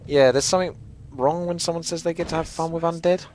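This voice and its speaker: A man's voice: on the high side, fairly even intonation, quick pace, darkish tone, slight background noise. Chatty young man doing game commentary. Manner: chatty, joking, laughs often. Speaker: gaming commentator. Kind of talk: casual gameplay commentary.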